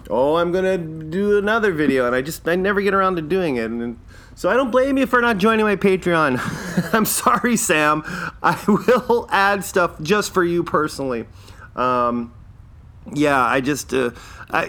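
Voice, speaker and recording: Rambling fifty-something podcast host. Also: male voice, a little high, lively intonation, moderate pace, sharp tone. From Canada. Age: 50s. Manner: rambling, self-deprecating, chuckles at own jokes. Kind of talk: casual solo podcast monologue.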